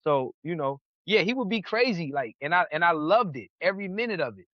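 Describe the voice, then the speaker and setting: A man from New York hosting a podcast, telling stories in a casual, animated way and acting out what other people said. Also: a little high, brisk, no room sound. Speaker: podcast host. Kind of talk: casual storytelling chat. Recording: dull lo-fi sound.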